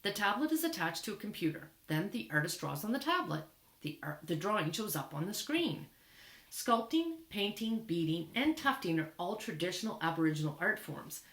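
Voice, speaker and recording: A woman's voice: on the low side, sing-song, normal speed. A woman teacher reading a picture book aloud to children, talking in an encouraging way and marveling at what she shows. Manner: warm, encouraging, marvels often. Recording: echoey room.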